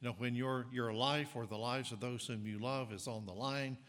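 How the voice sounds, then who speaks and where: A man preaching a sermon as pastor, talking in a conversational, halting way with frequent restarts and fillers. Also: mid-range voice, steady tone, fairly bright tone, long reverb tail. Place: church sanctuary.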